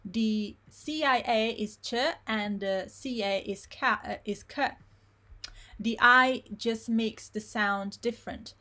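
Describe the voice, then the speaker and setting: A woman teaching pronunciation in a live online lesson, repeating words slowly syllable by syllable. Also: a little high, sharp tone. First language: Italian. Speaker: Italian teacher.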